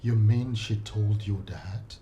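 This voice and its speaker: A man's voice: lowish voice, slow, mellow, a little hiss or hum. A middle-aged man with a Nigerian accent playing a weary royal father. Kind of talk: film acting.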